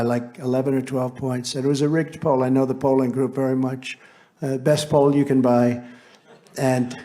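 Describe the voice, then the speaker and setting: A man's voice: mid-range voice, warm tone. A man who is a political candidate, giving a campaign rally speech in a rambling, boastful way with asides to the crowd.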